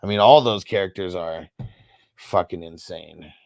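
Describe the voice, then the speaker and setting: A young man hosts a casual livestream, reading chat comments aloud in a loose, rambling way and swearing freely. His voice is deep and his pace measured. The audio is clean studio sound with no room echo.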